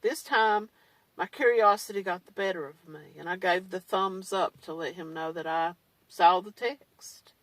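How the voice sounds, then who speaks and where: A woman's voice: lowish voice, a little slow, a bit bright, no echo, recorded from a distance, poor audio. A woman talking in a blunt, candid way, with mild swearing, in a casual monologue. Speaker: survivor vlogger. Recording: dry, set back from the mic.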